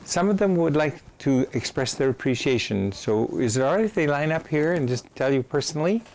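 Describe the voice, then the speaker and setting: A man's voice: on the high side, animated, brisk, darkish tone, slight background noise, pitched above the performer's own voice. A man voicing a small, polite woman making a courteous request. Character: polite little woman organizer.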